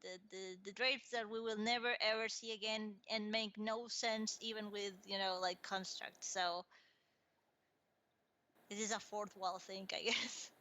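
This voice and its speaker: A woman's voice: medium pitch, steady tone, a little slow, bright, forceful tone. A young woman chatting casually and narrating a story, teasing her friend and stumbling over words. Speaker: co-reader. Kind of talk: casual let's-read chat and narration.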